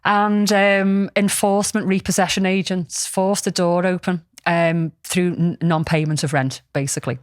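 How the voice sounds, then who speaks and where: A woman's voice: fairly low pitch, little pitch movement, normal speed, few pauses, dry recording, clean studio sound. A woman, casually telling a story on a podcast, rambling with lots of ums and restarts. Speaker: podcast co-host.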